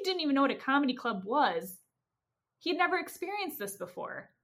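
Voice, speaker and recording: A woman podcast host retelling a story in a casual, animated way, acting out the quoted lines. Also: high-pitched, fairly quick.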